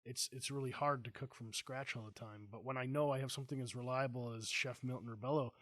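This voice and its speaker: A man's voice: medium pitch, fast talker, no echo. Jokey man hosting a dry-sounding chat. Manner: animated storyteller, jokey. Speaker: host. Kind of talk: casual chat.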